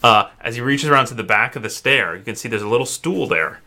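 Man, game master, narrating a tabletop game, lively pitch, bright tone, descriptive. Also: fast talker.

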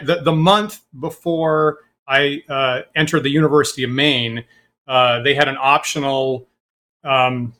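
A man's voice: medium pitch, bright, forceful tone. A middle-aged man telling a rambling anecdote in casual conversation, full of fillers and restarts.

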